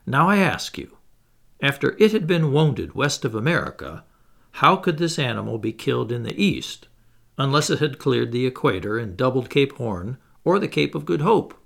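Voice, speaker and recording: A brash Canadian harpooner, loud and blustering, his voice gravelly and swinging up and down, as a man puts him on for an audiobook. A grown seaman who gets worked up fast and argues hard. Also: medium pitch, very animated, exaggerated voice.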